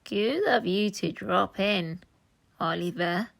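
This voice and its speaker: A woman's voice: on the high side, big pitch swings, takes it slowly, fairly bright tone, pitched above the performer's own voice, heavily acted. A woman voicing a sly, sarcastic old thief boss in a storybook read-aloud, drawling his words.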